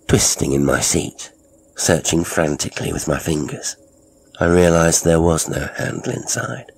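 Very deep-voiced male horror narrator. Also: breathy edge. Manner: brooding, measured first-person storytelling. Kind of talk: scripted horror story narration.

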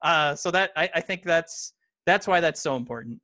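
A man's voice: fairly high pitch, expressive, moderate pace, pushed and bright, dry recording. A man co-hosting a casual podcast, talking with lots of fillers and restarts. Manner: hesitant, many fillers and restarts. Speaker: podcast co-host. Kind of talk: casual wrestling podcast chat.

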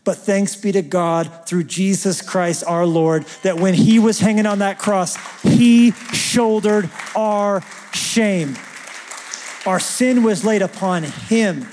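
A man preaching a sermon as pastor, talking like a conversation and swinging from loud emphasis to near-whispers. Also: sits high, steady tone, measured pace, few pauses, long reverb tail, some chatter behind, slight background noise.

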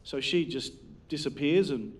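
Holding a handheld microphone before a live church congregation, a male pastor tells a personal story laced with self-deprecating jokes. His voice is fairly high and his pace measured, with a slight hiss or hum in the recording.

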